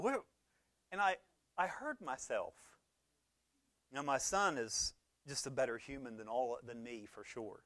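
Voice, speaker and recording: A man, preaching a conversational sermon that swings between loud emphasis and quiet low talk. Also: expressive, measured pace, long pauses, no echo. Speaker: pastor.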